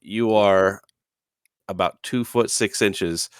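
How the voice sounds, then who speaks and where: Smooth-voiced man running the game. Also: fairly low pitch, steady tone, no room sound, clean studio sound. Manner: slow, measured narration. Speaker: game master. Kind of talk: narrating a tabletop game.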